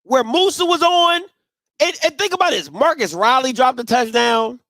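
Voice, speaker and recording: A man's voice: very high-pitched, moderate pace, pushed and bright, dry recording, studio quality. A man hosting a postgame sports talk show, emphatic and repetitive as he argues his point. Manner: emphatic, repeats himself, breaks into laughing fits.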